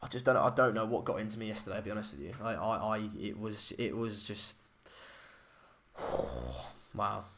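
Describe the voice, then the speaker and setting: A man's voice: fairly low pitch, moderate pace, fairly bright tone. A young man, hosting a casual live stream chat, hesitant with many fillers and restarts. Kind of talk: casual live match chat, reading comments.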